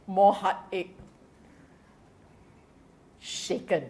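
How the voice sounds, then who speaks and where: A woman's voice: fairly high pitch, takes it slowly, pauses often. A woman with a Singaporean English accent giving a Buddhist Dhamma talk to a congregation, quizzing the audience and dropping in colloquial particles. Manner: animated, keeps quizzing the audience; drops in colloquial particles and laughs.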